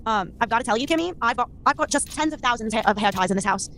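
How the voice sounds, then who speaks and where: A woman hosting a podcast, speaking in a higher, girlish voice, playful and giggly with casual swearing. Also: animated, very fast, fairly bright tone, slight background noise. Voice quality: higher, girlish "baby voice" today. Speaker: podcast host. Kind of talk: casual chat.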